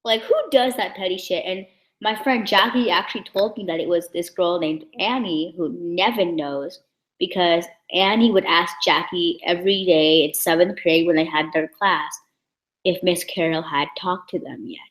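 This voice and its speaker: A woman's voice: lowish voice, normal speed, fairly bright tone, roomy sound, low-quality recording. A young woman vlogging a casual story in a blunt, heated, profane way. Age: young adult.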